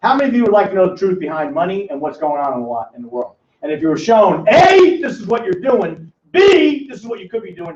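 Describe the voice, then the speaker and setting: An older man teaching a live money seminar, quizzing audience members by name with a teasing manner. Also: high-pitched. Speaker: financial educator. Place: seminar room with small audience. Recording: roomy, distant, dull lo-fi sound.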